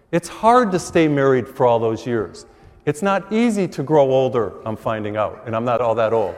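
Middle-aged priest preaching in a reverberant church. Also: male voice, medium pitch, normal speed. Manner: animated storytelling with acted quotes. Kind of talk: sermon. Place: large church.

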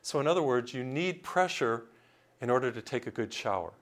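Priest giving a sermon. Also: male voice, medium pitch, lively intonation, a little fast. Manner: storytelling with voiced characters and jokes.

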